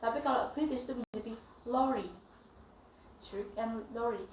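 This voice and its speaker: Give me a young woman with an Indonesian accent teaching a bilingual English lesson with a slightly high voice, recorded in an echoey room. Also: recorded from a distance, a little hiss or hum. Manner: switches between English and Indonesian, halting English.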